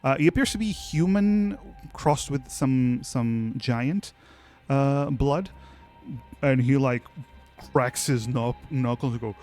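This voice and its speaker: A man narrating as game master in a relaxed, chatty way, speaking at a mid pitch. His delivery is loose and full of fillers, with faint music in the background. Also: slow pace.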